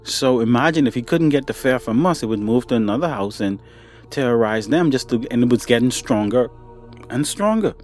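A man recounts a personal story for a podcast in a loose, chatty way, as if sitting with a friend. His voice sits at an ordinary middle pitch. Soft music plays faintly underneath. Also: expressive, a little fast. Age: adult, grown since childhood events. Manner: casual, conversational, addresses listener as "buddy" and "boy".

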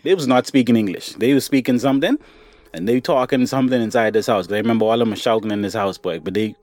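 A grown man, long past the childhood events he describes, tells a personal story on a podcast as if to a friend, calling the listener "buddy" and "boy." He talks fast in a lowish, darkish voice, with no room sound.

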